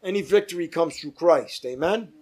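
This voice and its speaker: A man leading a Bible study as pastor, reading scripture aloud with emphatic rises and dropping to quiet asides. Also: on the high side, lively intonation, normal speed, husky.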